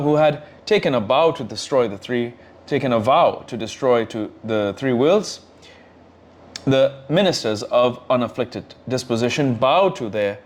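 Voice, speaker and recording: A man reading scripture aloud in measured, short phrases. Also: medium pitch. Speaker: scripture reader.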